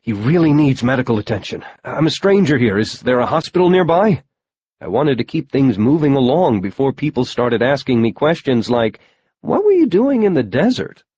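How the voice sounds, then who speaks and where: A man reads a first-person adventure audiobook, telling it wryly and matter-of-factly. His voice sits at a middling pitch for a man. The recording sounds somewhat dull and lo-fi. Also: darkish tone. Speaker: audiobook narrator.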